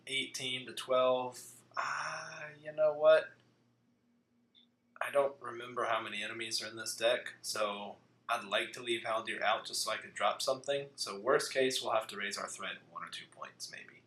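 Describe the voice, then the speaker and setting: This man speaks with a fairly low pitch and a sharp tone. Hosting a casual tabletop card game podcast, he reads rules aloud briskly and jokes as he goes, in an echoey room with faint background hiss.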